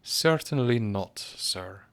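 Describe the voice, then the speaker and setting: A man voicing a cold, prim male butler in a storybook reading, speaking in a cool, soft, deferential manner. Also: lowish voice, animated, slow, smooth, heavily acted.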